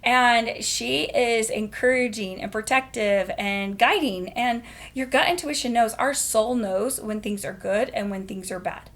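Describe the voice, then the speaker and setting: A woman hosting a podcast, telling a story in a casual, animated way and laughing often. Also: fairly high pitch, a little slow, few pauses. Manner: animated, laughs often, acts out quoted voices. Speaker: podcast host.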